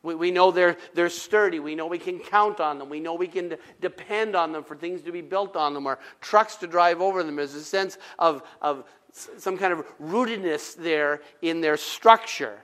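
A middle-aged man preaching with a fairly high, lifted voice. He tells his points as stories and acts out the dialogue himself. He drops in conversational asides to the congregation. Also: normal speed, fairly bright tone. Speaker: pastor. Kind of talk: sermon.

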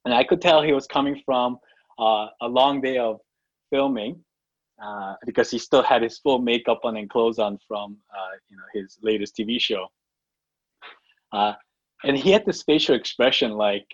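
A pastor telling a self-mocking story in a sermon, with many fillers and restarts. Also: male voice, medium pitch, normal speed, no echo. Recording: dull lo-fi recording.

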